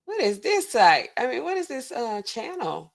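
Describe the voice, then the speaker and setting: A woman hosting a casual livestream, reacting to news clips and talking straight to her chat in relaxed slangy speech. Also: on the high side, moderate pace, gravelly. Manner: chatty and animated, talking straight to chat viewers; relaxed slangy speech with frequent filler words.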